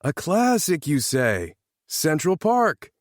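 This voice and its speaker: A man voicing an excitable, goofy teenage boy who yells out guesses in a high voice. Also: slow pace, no room sound, studio quality. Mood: excited. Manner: yelling, excitable, high-pitched.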